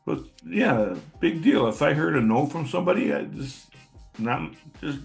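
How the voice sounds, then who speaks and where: A man's voice: on the high side, expressive, normal speed, gravelly, faint music behind. A middle-aged man in a casual personal monologue, blunt and profane, rambling with repeated words. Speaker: channel host.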